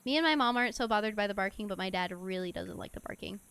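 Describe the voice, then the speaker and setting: A woman's voice: mid-range voice, fast talker, gravelly, fairly bright tone, slight background noise. A woman streaming a game and chatting casually, giggly and swearing offhand. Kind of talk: casual gameplay chat.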